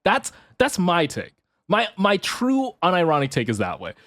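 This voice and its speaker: Animated, lively-pitched male streamer. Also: normal speed, no room sound, studio quality. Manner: animated, swears and laughs often, rants half-jokingly. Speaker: VTuber streamer. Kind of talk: casual live-stream chat.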